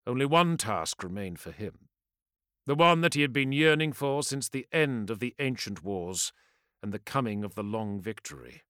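A man narrates a dark fantasy audiobook in a theatrical, building voice. His pitch swings lively and his tone is bright and forceful. The sound is close and dry. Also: moderate pace, smooth, no room sound. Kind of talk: scripted dramatic fantasy narration.

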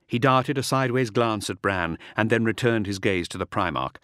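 With a fairly low pitch, a man reads an audiobook steadily and with care from a script, captured at studio quality without any room sound.

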